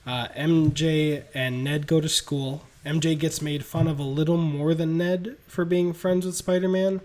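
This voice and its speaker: A man hosting a podcast, pitching a movie plot scene by scene in an animated, laugh-filled way. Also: a little slow. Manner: animated storytelling, laughs between beats. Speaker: podcast host. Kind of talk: casual movie pitch narration.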